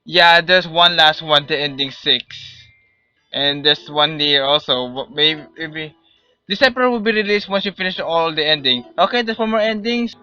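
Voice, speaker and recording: A man's voice: a little high, expressive, normal speed, sharp tone, clean tone, no echo, muffled recording, soft background music. Hesitant man talking over a game. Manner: hesitant, repeats words. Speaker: game player reading aloud. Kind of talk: casual let's-play commentary.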